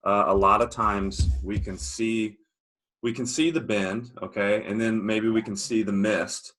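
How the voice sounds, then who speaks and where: Participant: a man with a low voice and a forceful edge, reflective and personal in a group discussion. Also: fairly even intonation, a little slow, low-quality recording. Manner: reflective, speaks from personal experience.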